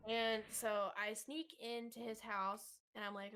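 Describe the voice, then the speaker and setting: A woman's voice: on the high side, flat delivery, unhurried, crowd noise. A woman telling a long funny story on a podcast in casual chat, laughing often and acting out other people's lines. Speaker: podcast co-host.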